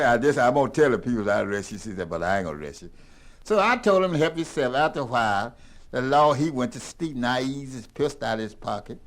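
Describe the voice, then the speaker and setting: An older man telling a rambling tall tale in a folksy, animated drawl. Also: a little high, vocal fry. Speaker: storyteller.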